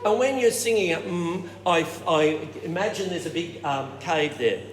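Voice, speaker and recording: A man leading a choir warm-up workshop, explaining technique and showing it with hums and falsetto sounds. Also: normal speed, over loud music. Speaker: choir director. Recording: roomy hall with reverb and noise.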